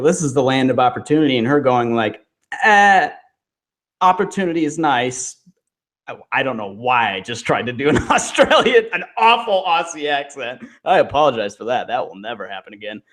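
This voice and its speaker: A man co-hosting a casual wrestling podcast, ranting quickly and exasperated. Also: mid-range voice, a bit bright. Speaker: podcast co-host.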